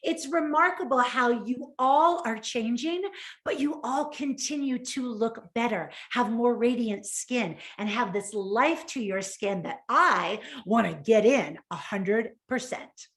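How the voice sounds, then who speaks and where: Woman co-host, slightly high voice, effusive storyteller. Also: measured pace, a bit bright. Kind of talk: live shopping broadcast.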